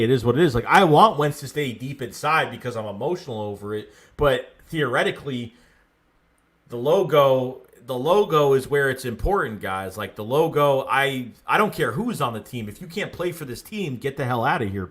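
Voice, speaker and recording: Excitable man hosting a sports livestream. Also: fairly low pitch. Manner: excitable, emphatic, quick reactions to chat. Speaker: livestream host. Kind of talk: casual sports livestream, reading viewer chat.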